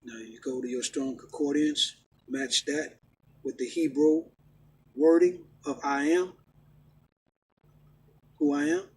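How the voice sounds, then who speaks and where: A middle-aged man ranting and preaching casually, emphatic and repetitive, swinging from loud outbursts to low, stern talk. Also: slow, long pauses, rough recording. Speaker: vlogger preaching his faith. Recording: faint background noise.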